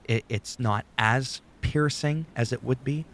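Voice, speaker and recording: This YouTuber's voice runs on the low side at a moderate pace with hardly any pauses, and a little hiss or hum is audible. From his home desk, he talks into a studio dynamic microphone, giving a profane, rambling, conversational tutorial on recording settings for a screen recording.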